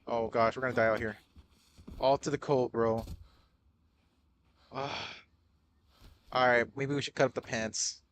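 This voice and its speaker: A young man giving excitable live gameplay commentary, swearing often, calling everyone bro and dude, and panicking in repeated shouts. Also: mid-range voice, a little slow, long pauses, slight background noise. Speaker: gaming streamer.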